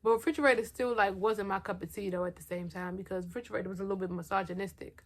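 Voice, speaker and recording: Fast-talking animated young woman. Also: medium pitch. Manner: animated, talks fast, heavy slang, addresses viewers directly. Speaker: vlogger. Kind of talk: casual storytime.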